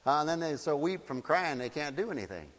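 A man preaching a sermon in an animated, mocking way, slipping into shrill wailing impressions. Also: brisk, in a large hall.

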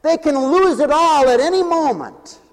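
A man's voice: extremely high pitch, animated, moderate pace. A man preaching a sermon to his congregation in a church, impassioned, calling out to the people in the pews and demanding a response. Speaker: pastor. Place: church sanctuary. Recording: long reverb of a large hall.

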